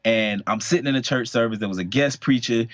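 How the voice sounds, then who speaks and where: A man's voice: medium pitch, a little fast, dry recording. Candid late-20s man telling a story. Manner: candid, rambling, lively storyteller with many fillers. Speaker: podcast co-host. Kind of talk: casual podcast chat, personal storytelling. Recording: dull, dry podcast audio.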